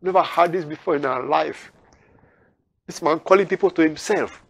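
Man, fairly high voice, Bible teaching, repeats phrases, homely examples. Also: moderate pace, vocal fry, slightly rough. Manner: explains with repeated phrases and everyday examples, reads scripture aloud louder.

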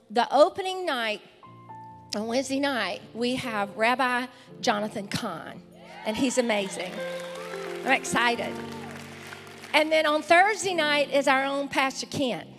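Her voice sits high and is a bit bright, echoing as in a large hall. She's a Southern-accented woman pastor greeting visitors from the pulpit, enthusiastically calling out to the congregation in a large sanctuary during a live church service with music and crowd.

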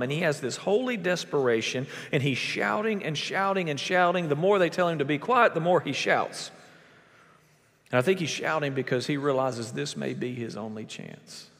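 A man preaching a sermon as a pastor, emphatic, with big swings in pitch and volume. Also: long reverb tail.

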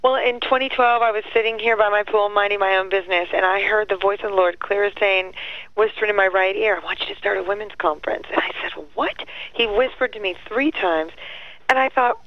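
A middle-aged woman guest tells her stories with lively energy and swings her pitch high when she quotes others. Her voice comes over a muffled phone line, dry and close. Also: fairly quick, no room sound. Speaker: guest, actress and singer. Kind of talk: animated storytelling interview.

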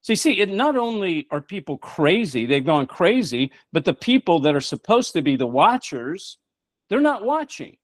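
A man's voice: high-pitched, sing-song, normal speed, no echo. A middle-aged man hosting a show, preaching emphatically with rhetorical questions. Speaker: show host. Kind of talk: preaching talk-show monologue.

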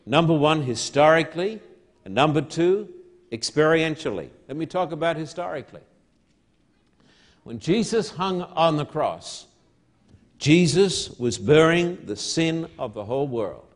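A man preaching a sermon, slow and emphatic, repeating key words and building to loud proclamations. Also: a little high, lively intonation.

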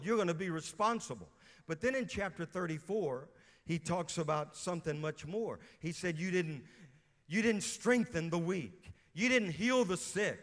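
Man, middle-aged, from Louisiana, preacher who fires questions at the congregation. Slightly high voice with a long reverb from the church hall. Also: normal speed, fairly bright tone. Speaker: pastor. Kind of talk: sermon. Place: church sanctuary.

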